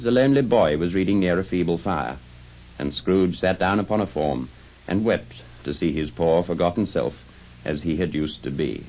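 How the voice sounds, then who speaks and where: A man narrating a classic tale in an expressive, dramatic reading style. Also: deep voice. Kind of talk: scripted storybook narration. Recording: dull lo-fi recording with faint music.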